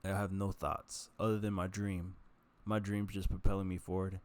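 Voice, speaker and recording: A man's voice: low-pitched, level tone, normal speed, clean tone. A man talking casually to his vlog audience in a candid, rambling and profane way, full of self-mockery. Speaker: vlogger.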